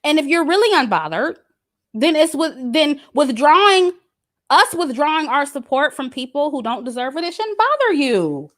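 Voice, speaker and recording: A woman's voice: high-pitched, sing-song, normal speed, fairly bright tone. A woman, giving a blunt, emphatic commentary straight to her audience, cursing and repeating her points. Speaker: YouTube commentator. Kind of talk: casual direct-to-camera rant.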